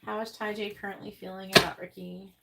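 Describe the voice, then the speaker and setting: A woman's voice: mid-range voice, little pitch movement, fast talker, vocal fry. Brief: a blunt, foul-mouthed woman reading tarot on a live stream into an earbud mic, with noisy audio. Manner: blunt, profane, exasperated ranting. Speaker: tarot reader hosting a livestream. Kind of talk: casual livestream talk.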